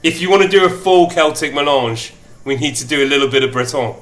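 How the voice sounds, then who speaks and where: A man's voice: on the high side, fairly quick, fairly bright tone, faint music behind. A man streaming a strategy game, chatting playfully and reading event text aloud in shifting mock accents.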